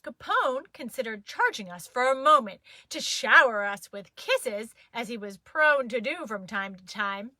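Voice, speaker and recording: Woman storyteller for kids, playful, slow, high and animated, dry sound. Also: no echo. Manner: playful and expressive. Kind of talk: children's story reading.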